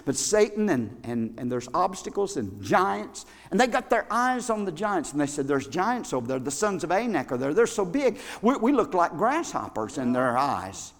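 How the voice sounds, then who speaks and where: Preacher, man, high and bright, dramatic storyteller, hall echo. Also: very animated, normal speed, few pauses. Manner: dramatic storytelling, swings from hushed to shouting. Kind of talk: sermon. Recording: echoey hall.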